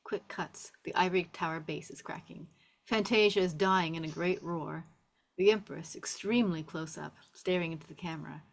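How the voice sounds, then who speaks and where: A woman reading the stage directions in a table read, with steady, descriptive narration. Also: fairly low pitch, moderate pace, gravelly.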